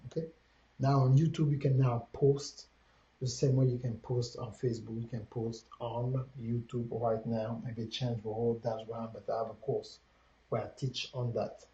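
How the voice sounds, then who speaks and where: A man's voice: mid-range voice, flat delivery, normal speed, warm tone, reverberant, muffled recording. A man with a French accent giving a livestreamed business coaching talk, counting off steps and repeating his key points in a preachy way.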